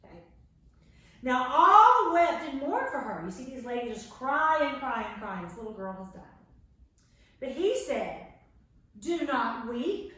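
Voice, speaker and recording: A woman teaching a Bible class for young children, telling the story in an animated way and speaking loudly so the camera across the room can pick her up. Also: sits high, a little slow. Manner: animated, acts out voices of the story characters; talks loud to reach the camera. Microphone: far camera mic. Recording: very echoey room, camera far off.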